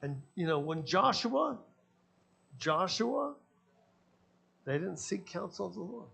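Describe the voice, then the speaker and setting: A man's voice: high voice, sing-song, takes it slowly, gravelly, a bit bright. A man, a pastor, preaching a sermon and telling personal stories, acting out the dialogue in them. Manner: storytelling, acting out his own quoted dialogue.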